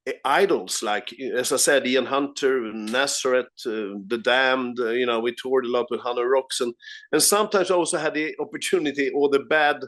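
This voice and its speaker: A Swedish man, a guest musician, telling animated anecdotes in a casual remote interview, restarting his sentences and laughing often. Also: mid-range voice, moderate pace. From Sweden.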